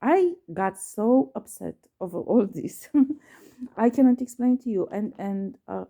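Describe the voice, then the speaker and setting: A woman's voice: medium pitch, unhurried, vocal fry, warm tone. A woman vlogger telling a personal story to camera, hesitant with many fillers and restarts, emphatic and repetitive, swearing when upset. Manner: emphatic, repeats herself.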